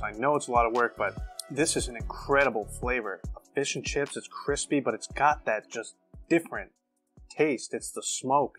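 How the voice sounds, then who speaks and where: An enthusiastic man hosts a casual barbecue cooking vlog, exclaiming and chatting with his viewers in a mid-range, slightly bright voice.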